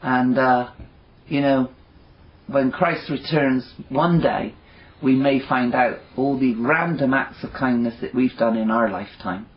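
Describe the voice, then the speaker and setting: A man's voice: mid-range voice, steady tone, a little slow. A man sharing an earnest, informal devotional talk with his fellowship, rambling with many fillers. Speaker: fellowship member sharing encouragement. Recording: dull lo-fi recording.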